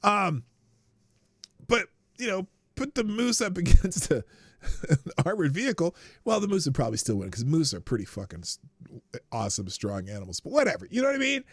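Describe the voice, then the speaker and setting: A man's voice: high voice, big pitch swings, fairly quick, slightly rough, dry recording, studio quality. A man hosting a live stream, chatting casually and rambling, with frequent laughs and restarts. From United States. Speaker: livestream show host.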